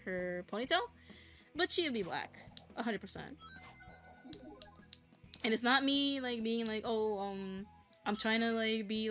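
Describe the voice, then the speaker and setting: A woman's voice: medium pitch, fairly bright tone. A woman talking casually about her original characters, rambling and venting, swearing freely as she goes. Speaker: content creator.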